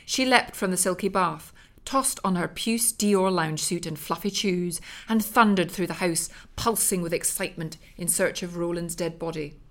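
A woman narrating a comic story in a dry, deadpan manner. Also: on the low side, moderate pace.

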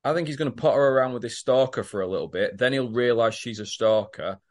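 A man's voice: medium pitch, a little mellow. A man, co-hosting a podcast, chipping in with dry jokes and corrections in casual banter. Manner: dry, quick to correct and joke. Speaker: podcast co-host.

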